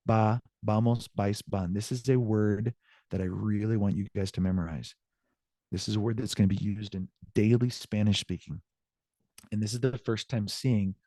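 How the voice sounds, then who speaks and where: A man teaching an evening language class, explaining grammar slowly and repeating each example. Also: lowish voice, warm tone, no room sound. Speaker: Spanish teacher. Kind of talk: online class lecture.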